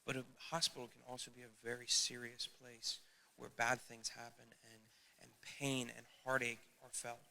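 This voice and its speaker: A man's voice: mid-range voice, completely flat delivery, moderate pace, sharp tone. A middle-aged man preaching a sermon as youth pastor, earnest and emphatic, speaking straight to his listeners.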